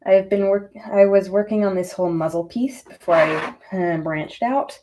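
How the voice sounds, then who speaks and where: A woman's voice: medium pitch, moderate pace, mellow, slight background noise. A young woman chatting casually while crafting on a live stream, rambling with goofy asides and lots of fillers. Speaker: fursuit maker streaming her work.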